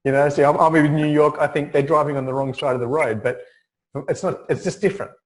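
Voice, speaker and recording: A man's voice: a little high, fairly even intonation, fast. A man hosting an interview, asking curious questions in a chatty, casual way. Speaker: host. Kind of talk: interview conversation.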